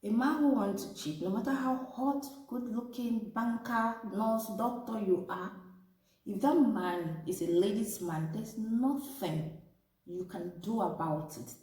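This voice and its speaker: A woman's voice: on the high side, a little slow. Woman telling a story in an echoey room. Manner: animated, addresses viewers as ladies. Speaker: vlogger giving relationship advice. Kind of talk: casual storytelling to camera. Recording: echoey room, distant from mic.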